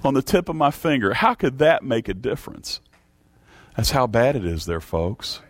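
A man preaching a sermon in a folksy way, dropping to hushed low tones and rising to loud pleading cries. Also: big pitch swings, normal speed, no room sound. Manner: folksy, addresses congregation as folks.

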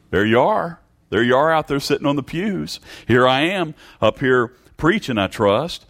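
A man's voice: mid-range voice, animated, normal speed, hardly any pauses, a bit bright. A man preaching a sermon, reading scripture aloud and repeating words as he searches for his phrasing. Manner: preaching with rising emphatic bursts and scripture readings. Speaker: pastor.

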